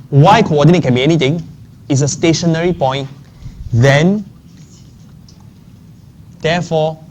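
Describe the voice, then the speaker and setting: Man, maths teacher, fairly high voice, repeats key points, faint background noise. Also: darkish tone. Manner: checks in often with the class. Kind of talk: classroom lecture.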